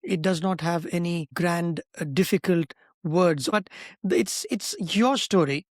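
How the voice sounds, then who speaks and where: A man's voice: high voice, a little slow, dry recording, studio quality. A man, hosting an interview in a friendly way and repeating words as he frames his questions. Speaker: interviewer, host. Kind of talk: conversational interview.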